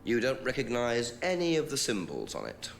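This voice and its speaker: A persistent, sing-song detective. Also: male voice, mid-range voice, wildly swooping pitch, moderate pace, gravelly, soft background music. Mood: probing. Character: polite persistent male detective interrogator. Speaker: detective questioning suspects. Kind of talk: live-action game acting.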